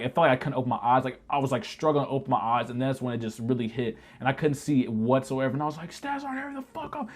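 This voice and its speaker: A man in a casual storytime vlog, retelling an army-style ordeal with heavy swearing and animated, shouted asides. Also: medium pitch. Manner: profane, animated retelling that shouts quoted lines. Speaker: vlogger telling a military story.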